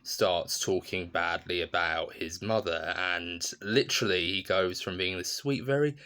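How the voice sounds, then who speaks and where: A man with a very low voice talks through a film in a casual vlog review. He rambles enthusiastically, circling back and losing his train of thought. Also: measured pace, pushed and bright, clear, resonant tone. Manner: rambling, enthusiastic, many fillers.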